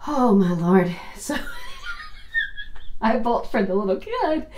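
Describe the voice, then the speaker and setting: A woman's voice: high voice, reverberant, noisy background. A woman casually telling a personal anecdote, laughing often as she talks. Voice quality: laughs often, slow and animated, drawn-out phrasing. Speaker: storyteller host.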